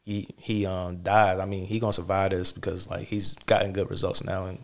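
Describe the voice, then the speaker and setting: A man hosting a podcast, talking in a relaxed, reflective way with many fillers. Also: sits low, fairly quick, gravelly. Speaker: podcast host. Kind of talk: casual chat.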